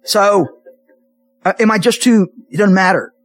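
A man's voice: sits high, a little slow, soft background music. A man preaching a sermon as pastor in a church, telling jokey stories with lots of restarts. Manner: animated, jokey storytelling with many restarts. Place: church sanctuary.

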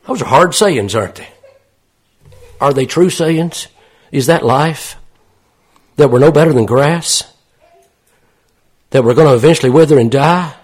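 A man's voice: a little high, unhurried, pauses often, breathy edge. A man preaching a sermon in a folksy, plain-spoken way, often asking his listeners questions.

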